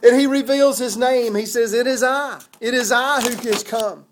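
A man's voice: very high-pitched, moderate pace. Man preaching a folksy sermon. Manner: conversational, folksy asides with chuckles.

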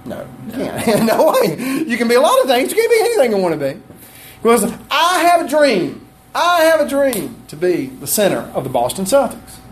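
In a church sanctuary, a middle-aged pastor with a fairly high voice preaches a chatty, self-deprecating sermon, putting questions to the congregation as he goes. A slight hiss or hum sits under the recording.

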